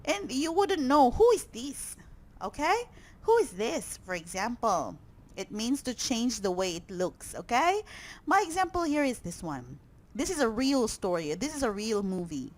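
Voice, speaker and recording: Woman English teacher, bright higher voice, very expressive, encouraging with frequent check-ins. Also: moderate pace. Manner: animated, checks in often with "okay?" and "very good". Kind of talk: vocabulary lesson to students.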